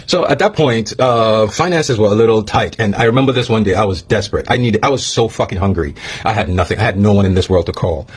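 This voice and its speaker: A man's voice: lowish voice, fast talker, hardly any pauses, slightly rough. A man telling a personal story to camera in a blunt, profane way, repeating lines for emphasis. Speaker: vlogger.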